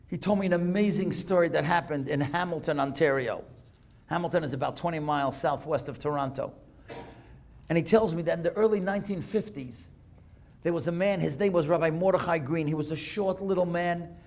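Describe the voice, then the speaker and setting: Gravelly New rabbi telling a story. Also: male voice, fairly high pitch. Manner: dramatic storyteller, drops to a hushed voice for emotional moments, rises for emphasis. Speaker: rabbi and speaker. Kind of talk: storytelling lecture. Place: synagogue lecture hall.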